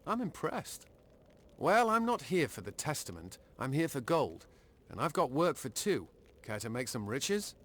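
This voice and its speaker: A man's voice: medium pitch, big pitch swings, measured pace, a bit bright. An actor playing a gold-seeking male mercenary warrior in a video game, with a posh British accent and a polished, matter-of-fact delivery.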